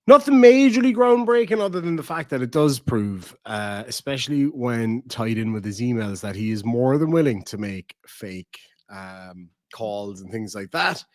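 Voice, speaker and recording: A man with an Irish accent chats on a casual stream in a mid-pitched voice. He swears freely and slips into soft baby talk with his dog. The sound is dry and close. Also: dry recording. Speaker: channel host. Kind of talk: casual livestream chat.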